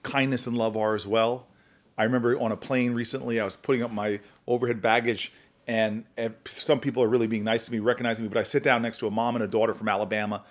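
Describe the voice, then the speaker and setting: A middle-aged man, a senator, telling stories in an earnest, animated way during a podcast conversation. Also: medium pitch, fast. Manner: earnest, animated storyteller, often acts out dialogue.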